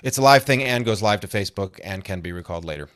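Guy on a podcast, talks kinda low, laughs a lot and rambles, super dry sound. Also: lively intonation, fast, a bit bright, no room sound. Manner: chatty, laughs often, rambling asides. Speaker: podcast guest, comedy songwriter. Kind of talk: casual interview chat.

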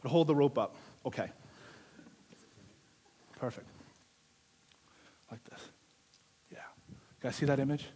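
A man's voice: mid-range voice, a little slow, pauses often, darkish tone, slight background noise. A man preaching a live sermon in a church service, emphatic, repeating phrases for stress.

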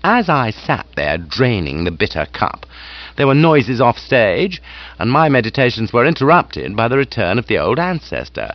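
A man's voice: mid-range voice, big pitch swings, moderate pace, no room sound. A man narrating a comic novel in a wry, storytelling manner. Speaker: audiobook narrator. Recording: dull dry studio recording.

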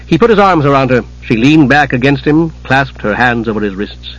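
A man narrating an audiobook in a steady storytelling manner, husky-voiced. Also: mid-range voice, a little fast, muffled recording. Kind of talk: scripted narration.

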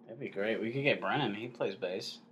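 A man co-hosting a podcast, trading easygoing deadpan banter in casual chat. His voice sits a little low, with a faint hiss of background noise under it. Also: a little fast. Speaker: podcast co-host.

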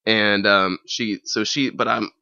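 Bright-voiced young man telling a story. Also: fairly low pitch, a little slow, vocal fry, no echo, dull audio. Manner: animated, acts out other people's voices in the anecdote. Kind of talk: casual conversational storytelling.

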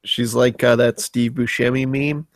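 A man's voice: medium pitch, steady tone, a little slow, dry recording. Man throwing in dry quips. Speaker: podcast co-host. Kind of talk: casual chat.

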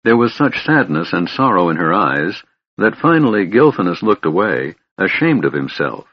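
Deep husky male audiobook narrator. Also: sing-song, normal speed, no echo, muffled recording. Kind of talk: scripted fantasy narration.

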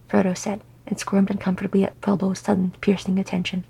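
A woman reading a fan fiction audiobook in a soft, intimate storytelling manner. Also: mid-range voice, flat delivery, brisk, vocal fry, hardly any pauses, husky, low-quality recording. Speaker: reader.

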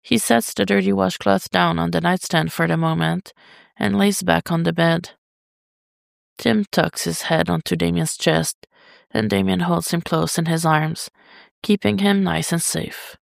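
Woman reading a story, super gravelly voice, slow, dry close sound. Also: fairly low pitch, no echo. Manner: steady, unhurried reading. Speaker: podfic reader. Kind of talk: slow fiction narration.

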